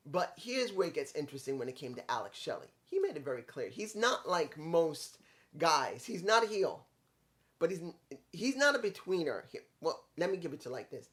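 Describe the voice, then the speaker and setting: A man's voice: fairly high pitch, lively intonation, normal speed. A man reviewing a wrestling show in casual, rambling commentary, getting frustrated and stumbling over names.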